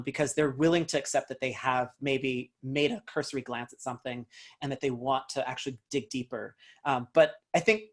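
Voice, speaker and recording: A man from North Carolina with a light Southern accent, a dialect coach thinking aloud as he answers interview questions. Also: medium pitch. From North Carolina, USA. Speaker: actor and dialect coach, guest.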